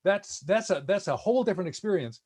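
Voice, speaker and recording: High-pitched guy on a video call, talks fast in bursts, restarts a lot. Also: husky. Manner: animated, restarts often, quick bursts. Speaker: speaker series presenter. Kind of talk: casual panel talk.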